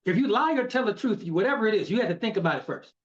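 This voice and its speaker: A man with a fairly high voice coaches his team on a video call, hammering his points home and repeating the key lines. His delivery is emphatic and preachy. The audio is dull and lo-fi. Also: expressive, racing. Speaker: network marketing team leader. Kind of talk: motivational training talk.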